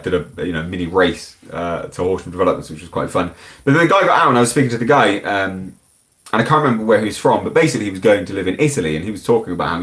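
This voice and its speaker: A British man hosting a live stream, chatting casually and bluntly as he answers viewer comments in a rambling, frank way. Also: on the low side. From United Kingdom.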